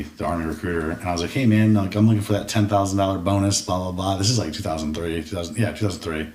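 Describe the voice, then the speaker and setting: Very deep-voiced man telling a story. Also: fairly bright tone. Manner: profane, rambling, self-interrupting. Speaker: podcast guest. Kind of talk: casual storytelling interview. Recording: roomy echo, distant mic.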